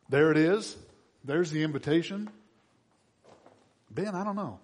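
A middle-aged male pastor preaching a sermon, animated, acting out little voices. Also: fairly high pitch, a little slow, long pauses. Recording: long hall reverb.

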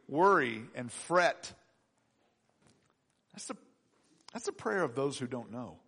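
A middle-aged man preaching a sermon, acting out voices and swinging from loud to hushed. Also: a little high, breathy edge. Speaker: pastor.

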